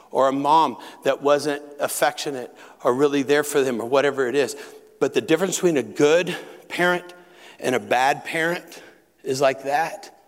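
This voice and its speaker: A middle-aged man preaching a sermon, telling personal stories in an animated way and dropping into hushed tones at emotional moments. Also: medium pitch. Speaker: pastor. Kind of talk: sermon with acted anecdotes. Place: large hall at a retreat center. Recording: long hall reverb.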